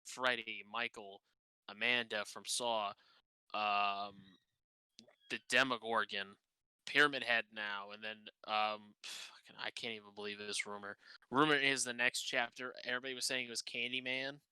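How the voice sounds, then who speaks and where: Podcast co-host, male, lowish voice, very bright and crisp, dry close sound, loose and sweary. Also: moderate pace, no echo, rough recording. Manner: swears often, excitable, laughs a lot. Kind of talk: casual podcast chat.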